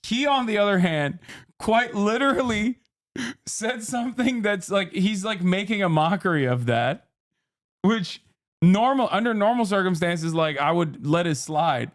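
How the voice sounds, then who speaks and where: A man hosting a live stream, reading chat messages aloud and reacting quickly with swearing and laughter. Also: high-pitched, lively intonation, dry recording, studio quality.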